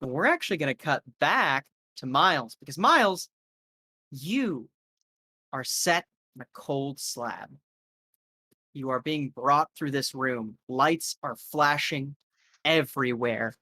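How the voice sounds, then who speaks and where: A man narrates a tabletop horror game as game master, loose and full of ums and rights. His voice is mid-pitched and sits close and dry, with no room sound. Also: lively intonation, slow, sharp tone, no echo. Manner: loose, filler-heavy narration.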